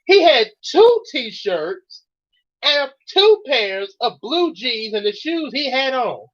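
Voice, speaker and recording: A man's voice: very high-pitched, wildly swooping pitch, extremely slow, vocal fry, pushed and bright, dull audio, pitched above the performer's own voice, full character voice. A man voicing an exasperated young teen girl who complains in a raised, fed-up voice.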